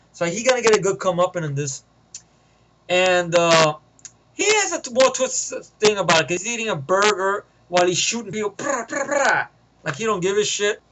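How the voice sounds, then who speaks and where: High-voiced man rambling a story. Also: rough recording. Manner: rambling, casual slang, swearing. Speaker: vlogger. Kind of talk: rambling movie pitch.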